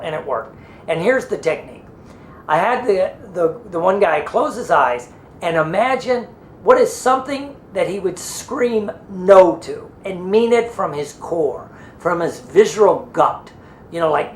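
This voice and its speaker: A man teaching hypnosis techniques in a loose, rambling way, often slipping into the voices of the people in his story. His voice carries a roomy echo. A faint low rumble sits underneath the recording. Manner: rambling, acts out what people said. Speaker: hypnosis and NLP trainer. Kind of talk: conversational teaching through a story.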